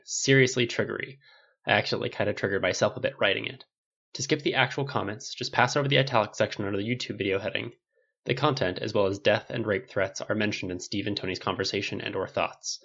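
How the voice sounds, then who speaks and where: Man narrating, gravelly and lo-fi. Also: fairly low pitch, fairly bright tone. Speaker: fan fiction narrator. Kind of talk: audiobook narration.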